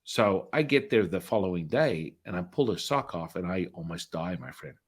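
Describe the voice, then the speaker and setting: Lively middle-aged man telling a story. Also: sits low, moderate pace, husky. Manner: animated storyteller acting out quoted voices. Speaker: spiritual healer guest. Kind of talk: casual storytelling interview.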